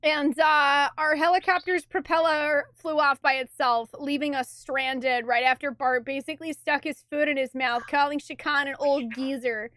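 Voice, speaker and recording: A young adult woman streaming a game, chatting with laughter, animated and cursing freely. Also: high-pitched, normal speed, few pauses, no room sound. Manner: laughs a lot, animated and swears. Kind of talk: let's play commentary.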